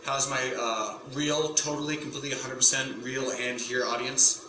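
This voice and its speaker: A man's voice: medium pitch, fairly even intonation, moderate pace. A man doing a stand-up routine to camera in front of a green screen, with a rambling, self-interrupting, provocative delivery. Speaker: stand-up comedian. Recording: echoey room with faint hum.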